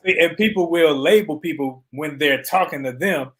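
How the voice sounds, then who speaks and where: A man in a casual group discussion, talking in a passionate, animated way. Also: on the high side, normal speed.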